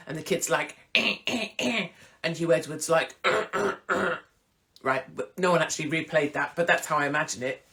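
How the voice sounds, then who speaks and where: A woman hosting a casual live-stream chat, irreverent and theatrical, breaking into sudden high exclamations. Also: normal speed, a bit bright. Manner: swings into big high exclamations. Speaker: host.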